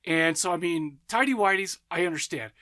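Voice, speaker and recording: A man with a high voice and a sharp tone hosts a horror movie podcast at a moderate pace. His casual monologue is enthusiastic and rambling, and he keeps interrupting and correcting himself. When telling anecdotes he laughs and acts out the voices.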